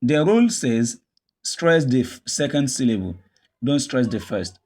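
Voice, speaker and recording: A man's voice: mid-range voice, animated, a little slow, a little mellow. A man teaching an English pronunciation lesson, repeating each word several times as a drill.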